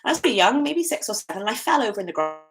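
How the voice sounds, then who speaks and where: A woman's voice: fairly high pitch, big pitch swings, rapid-fire. A young British woman giving a candid, chatty solo podcast talk, with frequent fillers and restarts. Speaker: podcast host.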